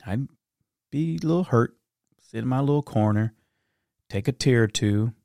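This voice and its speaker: A middle-aged man hosting a reflective solo podcast, talking earnestly in a storytelling way that turns soft-spoken at times. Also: mid-range voice, moderate pace, no echo, studio quality. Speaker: podcast host.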